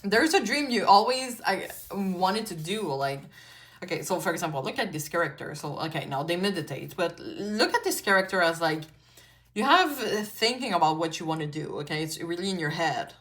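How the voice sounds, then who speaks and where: A woman's voice: fairly low pitch, lively intonation, moderate pace, a bit bright. Chatty woman giving a tarot reading. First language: French. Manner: chatty, many "like" and "you know" fillers, frequent swearing. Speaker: tarot reader. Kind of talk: casual pick-a-card tarot reading.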